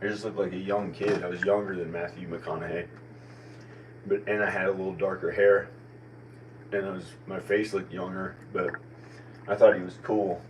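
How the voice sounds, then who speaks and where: With little pitch movement and long pauses, a low-pitched man in his forties speaks at a moderate pace in an American country accent. He meanders through a personal monologue, questioning himself and restarting often. A distant mic captures him along with faint background noise.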